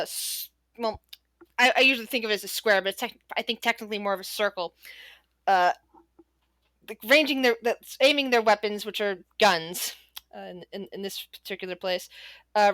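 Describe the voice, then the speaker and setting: Woman running a tabletop game, kinda high bright voice, rambly, dry close sound. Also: no room sound. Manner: rambling, many fillers and restarts. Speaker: game master.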